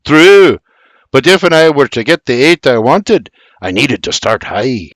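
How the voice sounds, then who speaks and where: Guy doing a cocky scots bootlegger, sly and boastful, bouncy lively voice. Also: medium pitch, a little slow, no room sound. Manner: sly, boastful, broad brogue with dialect words. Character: crafty Scottish-tongued male bootlegger, boastful.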